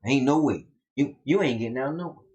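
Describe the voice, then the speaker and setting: A man's voice: mid-range voice, brisk, a little mellow, lo-fi sound. A man with a Southern US accent co-hosting a casual live stream, drawling and emphatic as he tells a story. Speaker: co-host.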